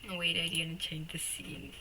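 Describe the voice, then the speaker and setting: A woman's voice: on the low side, flat delivery, moderate pace, background noise. A young woman streaming live, chatting with her viewers, often giggling, teasing and swearing at her chat.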